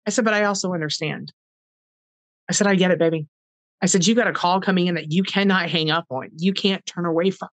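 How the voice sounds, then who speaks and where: A woman's voice: on the low side, brisk, dry recording, low-quality recording. A middle-aged woman, a podcast guest, telling a personal story with heartfelt earnestness, acting out past conversations in quoted dialogue.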